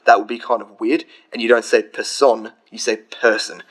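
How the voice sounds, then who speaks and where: A man's voice: medium pitch, little pitch movement, fairly quick, fairly bright tone, poor audio. A young man casually explaining grammar from his study notes, chatty and rambling, with frequent restarts.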